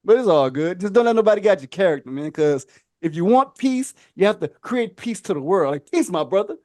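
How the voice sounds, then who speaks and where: A man with a high-pitched voice chats on a podcast and tells a story, acting out the lines of other people as he goes. He laughs often, and the sound is dry and close with no room echo. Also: lively intonation, a little fast, mellow. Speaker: podcast co-host. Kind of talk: casual chat, storytelling.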